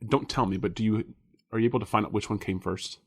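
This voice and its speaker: A man's voice: fairly low pitch, quick pace, breathy edge. A man co-hosting a casual podcast chat, laughing often and rambling with lots of fillers. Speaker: podcast co-host.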